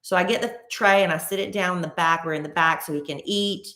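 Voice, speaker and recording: A woman co-hosting a podcast, telling a story in a casual, animated way and acting out what people said. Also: fairly low pitch, quick pace, roomy sound. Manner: animated, acts out quoted voices. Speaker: podcast co-host.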